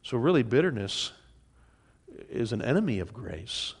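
A man's voice: medium pitch, big pitch swings, moderate pace, breathy edge. A man preaching a sermon, speaking with passion, often repeating words and restarting as he goes. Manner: impassioned, repeats words and restarts, acts out quoted voices. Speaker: pastor.

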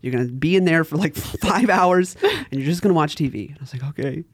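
A man's voice: on the high side, fast, dry recording. A young man, a podcast guest, telling a story casually, acting out quotes and laughing often. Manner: animated, acts out quoted voices, laughs often.

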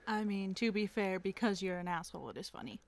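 A woman's voice: medium pitch, lively intonation, quick pace, gravelly, no echo. Blunt, dry-talking woman co-host. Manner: dry, blunt, insulting banter. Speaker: co-host, host's girlfriend. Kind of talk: casual chat.

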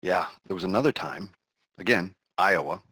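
A man telling a relaxed, amused, rambling story in casual podcast chat. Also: deep voice, normal speed, slightly rough, rough recording.

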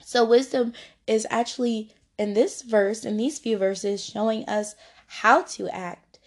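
A woman's voice: fairly high pitch, fairly even intonation, measured pace. Chatty, upbeat young woman teaching Bible study. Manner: chatty and upbeat, laughs often, acts out playful voices. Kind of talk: casual Bible study lesson.

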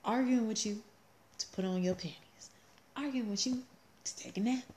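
A woman chatting casually as a co-host, telling family stories in an animated way and laughing often. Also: on the high side, normal speed. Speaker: co-host, mother. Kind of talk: casual chat.

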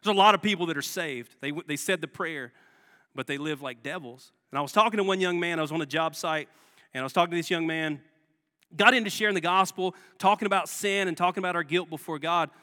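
A man's voice: a little high, fast, pushed and bright. A man preaching a sermon as guest pastor, talking conversationally and asking the congregation rhetorical questions. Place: church sanctuary. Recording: long church hall reverb.

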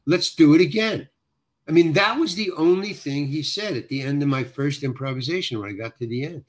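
A man's voice: a little high, fairly quick. Rambling older man telling a story. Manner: rambling, self-correcting storyteller with frequent restarts. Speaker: guest actor. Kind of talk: anecdotal storytelling in conversation.

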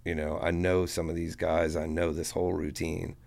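A man telling a story to a podcast host in a casual, profane, animated way, acting out what people said. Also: deep voice, normal speed, vocal fry. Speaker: guest musician.

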